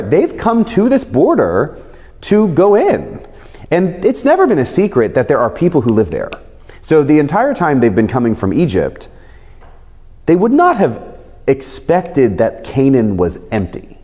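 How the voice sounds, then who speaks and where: A man gives conversational Bible teaching in a mellow voice that rises and falls with lively emphasis. He explains with everyday examples, and his words ring out with a long hall reverb. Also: fairly low pitch.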